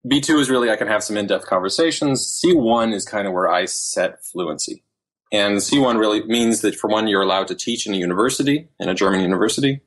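A man in his thirties, a language learning author, chatting casually as an interview guest with lively quoted asides. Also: on the low side, quick pace. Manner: animated storytelling with quoted asides.

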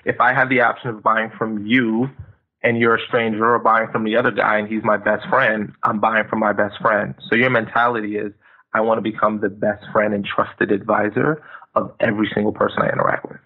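A man's voice: lowish voice, little pitch movement, a little fast. A man speaking as a podcast guest, giving emphatic motivational advice and acting out phone greetings. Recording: tinny phone line.

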